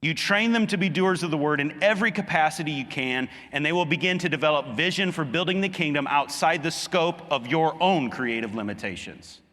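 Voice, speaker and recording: Bright-voiced preacher in an echoing hall. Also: male voice, fairly high pitch, brisk, hardly any pauses. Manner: earnest preaching, rising emphatically on key points. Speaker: pastor. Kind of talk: sermon.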